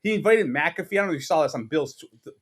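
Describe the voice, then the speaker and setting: A man with a New York accent rants on a casual sports podcast, profane and exasperated. He slips into mocking voices to make his points, and his voice sits a little higher than most men's. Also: lively intonation, quick pace, husky. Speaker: podcast co-host.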